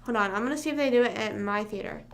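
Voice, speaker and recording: A woman's voice: mid-range voice, racing, vocal fry. A young woman hosting a casual livestream, chatting loosely, rambling and humming to herself between thoughts. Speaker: livestream host. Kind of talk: casual live chat.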